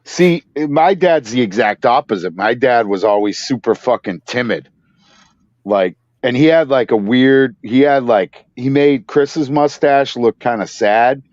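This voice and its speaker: A man in casual podcast chat, swearing freely and getting loud when worked up, on a dull, dry recording. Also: medium pitch, unhurried, no room sound.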